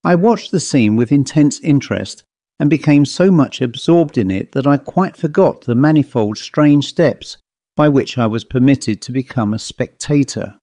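A man narrating a ghost story audiobook in a measured, atmospheric reading. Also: mid-range voice, lively intonation, warm tone, no echo, studio quality.

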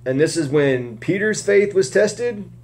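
Guy explaining scripture kinda rambly, lots of you know, voice a bit high. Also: expressive, unhurried, darkish tone. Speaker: Bible teacher. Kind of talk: casual Bible teaching.

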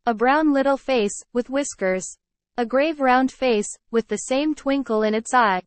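A woman teacher reading a story aloud to children, pausing to explain words. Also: sits high, dry recording. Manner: clear, explaining, addresses children. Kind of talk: read-aloud lesson with word explanations.

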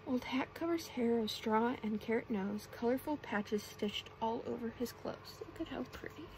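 A woman gently reading bedtime stories aloud in a soft ASMR style, sometimes whispering. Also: fairly high pitch, normal speed, noisy background. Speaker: ASMR storyteller.

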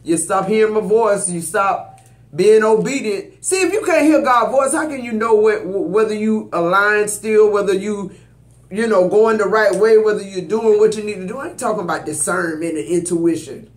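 Preachy tarot reader in a roomy space. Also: male voice, high-pitched, moderate pace. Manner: preachy, emphatic, addresses viewers directly. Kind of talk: spiritual tarot reading. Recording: roomy echo.

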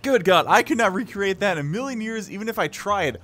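A man hosting a gaming video, playing a virtual reality fishing game with excitable, playful running commentary, laughing and talking to the fish. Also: high voice, a little fast, soft background music.

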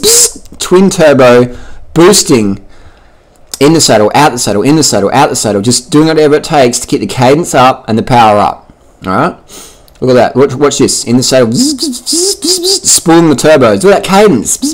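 A man giving casual commentary over race footage in a blunt, mocking, heavily profane way, throwing in buzzing sound effects. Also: medium pitch. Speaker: cycling vlogger.

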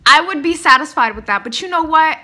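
A young woman hosting a music reaction, gushing and exclamatory, swinging between loud squeals and quiet musing. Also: high voice, animated, fairly quick. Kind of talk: excited reaction commentary.

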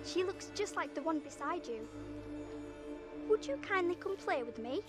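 A woman's voice: very high voice, animated, normal speed. A quaint old-time village girl. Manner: formal old-fashioned speech. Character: young village woman of old times, gentle and odd. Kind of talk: video game voice acting. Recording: game music behind her.

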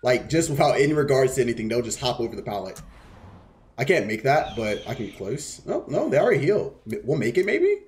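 A man's voice: mid-range voice, big pitch swings, fast, a little mellow. A man streaming a game live, casually explaining strategy while teasing the players on screen and swearing freely. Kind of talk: live gameplay commentary.

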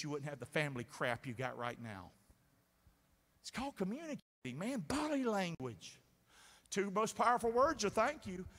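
Male pastor, high and lively voice, call-and-response preaching, echoing sanctuary. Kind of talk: sermon. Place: church sanctuary. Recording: reverberant sanctuary sound.

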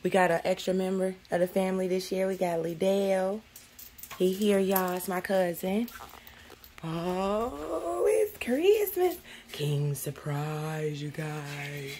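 A woman's voice: on the low side, slow, a little mellow, a little hiss or hum. A young woman, a mother, chatting casually to her camera in a family vlog and often saying "you guys" and "y'all". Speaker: vlogger, working mom of three.

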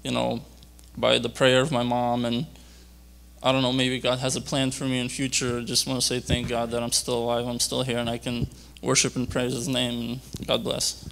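A young man giving a rambling personal testimony at a church youth conference, halting and full of fillers and restarts. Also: mid-range voice, completely flat delivery, vocal fry, fairly bright tone, a little hiss or hum. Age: young adult.

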